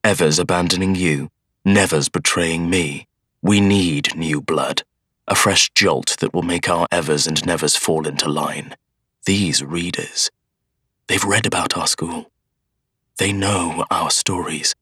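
A man voicing a cold, scheming young schoolmaster of Evil who speaks in a measured, persuasive way. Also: low voice, fairly even intonation, pushed and bright, slightly rough, no room sound, studio quality, heavily acted. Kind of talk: audiobook character voice.

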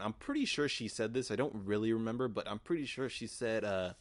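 A man's voice: on the low side, a little fast, hardly any pauses, dry recording. A man in his twenties hosting a podcast, telling a story in a rambling, profane way full of filler words. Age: 20s. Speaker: podcast host. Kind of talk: casual storytelling monologue.

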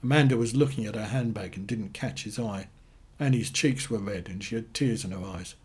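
Casting: a male reader of short stories, husky, deadpan delivery. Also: lowish voice, fairly quick. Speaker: narrator. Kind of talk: reading short stories aloud.

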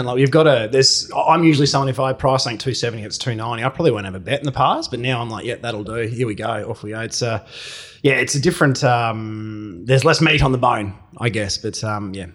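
A man with an Australian accent talks form at a rapid clip, his voice husky around the edges. He sounds sure of his picks and sometimes teases the others at the table. This is casual racing-podcast banter. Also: mid-range voice. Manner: chatty, confident, quick to tease the panel. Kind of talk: casual tipping chat.

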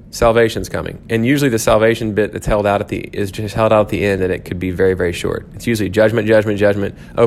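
A man's voice: on the low side, a little hiss or hum. A man teaching a church class, thinking aloud with frequent restarts and fillers.

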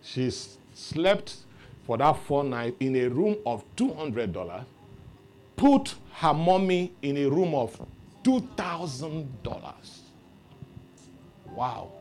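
Animated man preaching. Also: on the high side, takes it slowly. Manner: animated storytelling, rising to loud exclamations. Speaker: pastor. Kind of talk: sermon.

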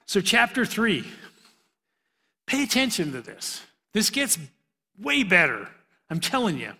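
A middle-aged man teaches the Bible to young people in a loose, chatty sermon and laughs at his own jokes as he goes. His voice is bright and sits a little high. It rings out in a large hall with a long reverb. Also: huge pitch swings, a little slow, creaky, breathy edge. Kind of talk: casual preaching to a youth group.

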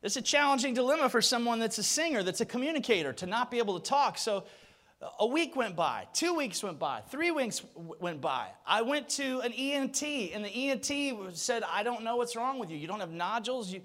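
Animated high-voiced male preacher. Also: brisk. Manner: animated storyteller, acts out voices. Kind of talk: sermon with storytelling.

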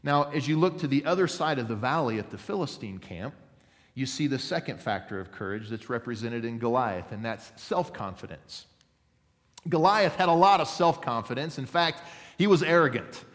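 A man's voice: mid-range voice, expressive, normal speed. Man preaching in a big echoing hall. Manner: storytelling with acted quotes, asks for an amen. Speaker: pastor. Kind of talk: sermon. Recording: long hall reverb.

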